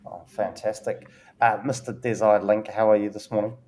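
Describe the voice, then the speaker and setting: A man's voice: lowish voice, little pitch movement, normal speed, warm tone, slight background noise. A man co-hosting a podcast, joking and teasing his co-hosts in casual banter with plenty of "um"s. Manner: teasing, joking, many "um" fillers. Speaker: podcast co-host.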